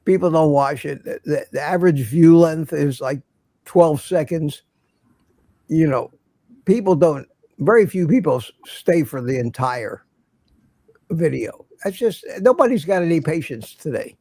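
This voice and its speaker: An older man hosts a relaxed livestream, his voice sitting a little high. He rambles through stories and laughs at his own jokes. The sound is dry and close, with no room around it. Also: measured pace, no room sound. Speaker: livestream host. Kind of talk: casual chat.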